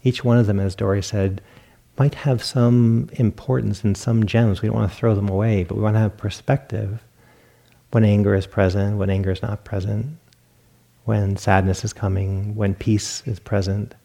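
A man giving a relaxed, reflective dharma talk as a meditation teacher, telling stories with self-amused laughs. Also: fairly low pitch, normal speed, gravelly. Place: meditation hall.

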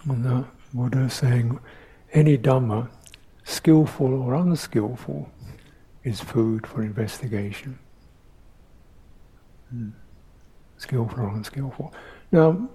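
Older male meditation teacher; reflective dharma talk, dark and mellow tone, slow delivery. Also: mid-range voice, breathy edge, low-quality recording. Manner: slow, reflective, with pauses and soft hums.

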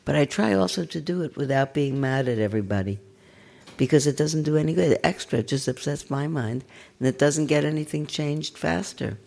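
Older woman with a gravelly, lively voice. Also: deep voice, moderate pace. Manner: gentle, conversational, self-mocking. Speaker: meditation teacher. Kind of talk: dharma talk. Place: meditation center.

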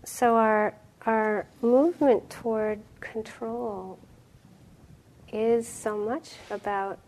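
A middle-aged woman giving a dharma talk as a meditation teacher, reflective and storytelling, with soft pauses. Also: on the high side, fairly even intonation, poor audio.

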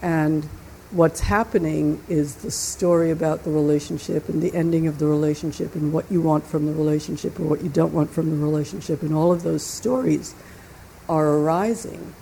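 A woman leading a meditation group's question session, answering slowly and calmly. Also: low-pitched, creaky, slight background noise, poor audio. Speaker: meditation teacher. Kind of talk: dharma talk and inquiry.

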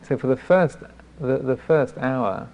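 A man, a Buddhist monk teacher, giving a dharma talk as self-deprecating storytelling, halting with many restarts. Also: medium pitch, dull audio.

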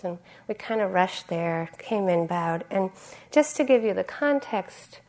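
A woman meditation teacher giving a conversational dharma talk, often clearing her throat. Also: medium pitch, expressive, unhurried, few pauses, darkish tone.

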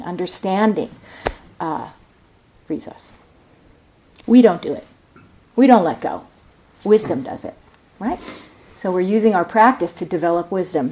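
A woman's voice: on the low side, warm tone. A woman meditation teacher giving a reflective dharma talk at a retreat center, thinking aloud as she explains.

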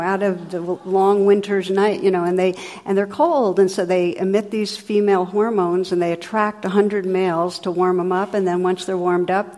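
A woman's voice: fairly low pitch, a little mellow. A woman meditation teacher giving a reflective, conversational dharma talk in a meditation hall, with frequent fillers. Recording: long hall reverb.

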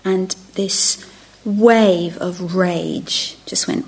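Middle-aged woman, meditation teacher. Gentle, reflective dharma-talk delivery that often sinks to a whisper. Husky with some vocal fry. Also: mid-range voice, fairly even intonation, moderate pace. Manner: soft and reflective, often dropping to a near-whisper; self-interrupting, restarting phrases. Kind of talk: dharma talk to a retreat group.

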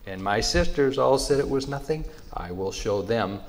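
A man voicing a timid, curious little female mouse in a spoken story, hesitant and soft. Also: mid-range voice, lively intonation, moderate pace, a little hiss or hum, lightly acted. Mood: determined.

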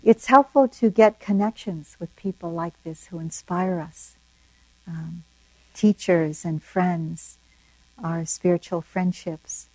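An older woman who teaches meditation shares a personal story during a dharma talk, soft-spoken, reflective and unhurried. Her voice is fairly low, with no room sound, on a rough recording.

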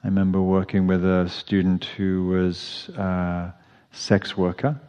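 A man giving a dharma talk as a meditation teacher in a meditation hall, speaking gently and reflectively, often restarting his phrases. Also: low-pitched, level tone, measured pace, clear, resonant tone. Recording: dull audio with long hall reverb.

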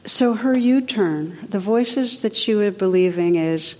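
A woman meditation teacher giving a spiritual talk in a gentle, reflective, unhurried way with soft drops in her voice. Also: fairly low pitch, steady tone. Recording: long reverb of a large hall.

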